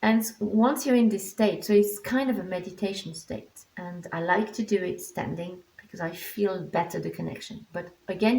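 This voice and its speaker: Lady calmly explaining energy stuff, bit of vocal fry, echoey room. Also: fairly low pitch. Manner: calm, reassuring, explanatory, frequent restarts. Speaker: animal communication teacher. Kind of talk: instructional vlog.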